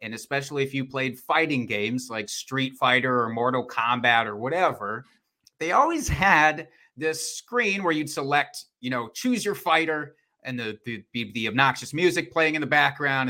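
A man with a high, slightly odd voice, chatting casually as a podcast guest and often laughing at himself. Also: sharp tone. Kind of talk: casual chat.

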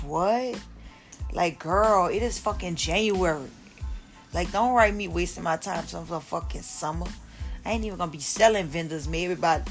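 A young woman hosting a casual solo podcast from her bed, telling stories in a blunt, profane way and quoting the people in them. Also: lowish voice. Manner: blunt, profane, storytelling with quoted voices. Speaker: podcast host. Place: lying in her bed at home.

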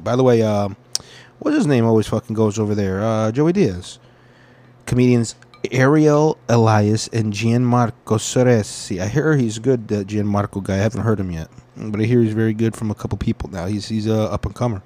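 A man hosting a solo talk show, rambling in a profane, excitable rant and reading an article aloud. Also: lowish voice, normal speed. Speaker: podcast host.

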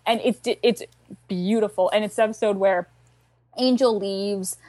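Young Canadian woman, podcast regular; eager, quick, cussing, dead-dry recording. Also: mid-range voice, dry recording. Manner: enthusiastic, swears freely, fast and excitable. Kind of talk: casual chat.

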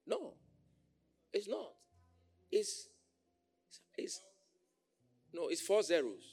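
Animated preacher man, lively pitch. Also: very slow, creaky, long pauses, slightly rough, faint music behind. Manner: animated, shouting and laughing, mimicking others. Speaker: pastor. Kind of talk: sermon.

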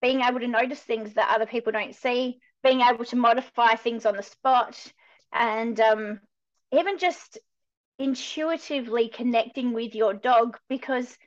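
An upbeat, energetic woman, a dog trainer speaking as a podcast guest. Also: a little high. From Australia. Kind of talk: podcast interview. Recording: dull, muffled sound.

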